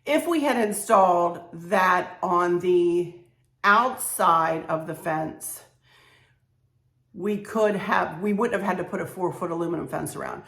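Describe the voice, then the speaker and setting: A woman with a Southern American accent and a hoarse, strained voice, chatting casually to camera as a home decor vlogger, rambling with many fillers. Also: lowish voice, measured pace, fairly bright tone, echoey room.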